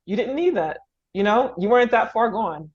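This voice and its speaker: A woman's voice: a little high, animated, normal speed, darkish tone, slightly rough, lo-fi sound. A woman from the Bronx hosting a podcast interview over a video call, talking effusively, laughing through tears and restarting her sentences often. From New York, the Bronx. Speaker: podcast host. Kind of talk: emotional interview conversation.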